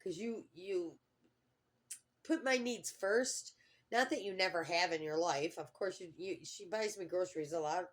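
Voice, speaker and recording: A woman's voice: fairly low pitch, a little slow. Rambling middle-aged woman telling a story. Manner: rambling, full of fillers and restarts. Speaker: vlogger. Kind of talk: casual storytelling vlog.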